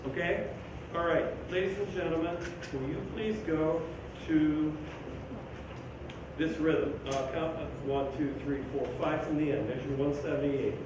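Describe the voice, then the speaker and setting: A man's voice: a little high, steady tone, a little slow. A man leading a school band rehearsal, singing rhythms on syllables and counting the players in. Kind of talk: rehearsal instruction. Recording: echoey room, mic far off, background noise.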